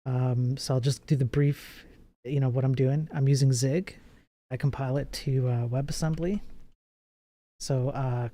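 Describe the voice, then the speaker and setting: A man's voice: medium pitch, steady tone, measured pace, dark tone. A man in his forties streaming live while he codes, chatting loosely with his viewers, joking and swearing as he reads out and answers chat. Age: 40s.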